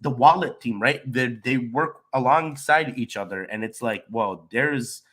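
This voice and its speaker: Young male livestream host, sick and nasal with a slight cough, loose and rambling, mid-pitched voice. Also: a little slow. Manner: loopy, relaxed, rambling with restarts. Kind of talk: casual livestream chat reading comments.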